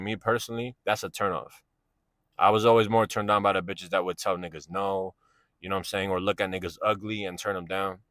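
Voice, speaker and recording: A man's voice: on the low side, a bit bright, no echo. A man, telling a personal story in a casual, slangy, rambling way and often asking "you know what I'm saying".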